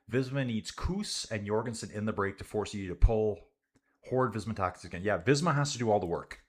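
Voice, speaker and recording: A man giving casual live commentary on a bike race for a stream, reading viewer comments and calling out to his viewers as guys and dude. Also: fairly low pitch. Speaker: livestream cycling commentator.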